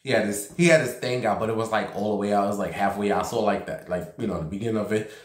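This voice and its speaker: A man's voice: lowish voice, fast talker. A man vlogging casually from a basement room at home, telling a gossipy story and acting out the voices of the people in it. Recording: roomy echo.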